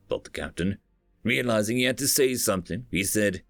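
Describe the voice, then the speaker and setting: A male narrator reads a written sci-fi story in a lively, rising and falling voice, dipping low and quiet on his dialogue tags. The recording is dry and close, with faint music underneath. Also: normal speed, vocal fry, no echo.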